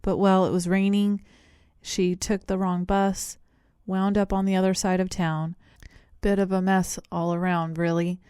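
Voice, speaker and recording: Cast: female narrator as a chatty middle-aged gent, polite and rambling, mellow smooth tone. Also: fairly low pitch, flat delivery, measured pace, no echo, clean studio sound, natural voice. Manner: breezy, polite, rambling with ums. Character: affable, chatty middle-aged English gentleman.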